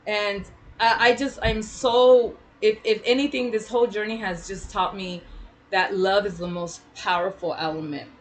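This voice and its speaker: A woman's voice: medium pitch, steady tone, moderate pace, poor audio. A woman co-hosting a casual chat, telling her own story with feeling and animation. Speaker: podcast co-host.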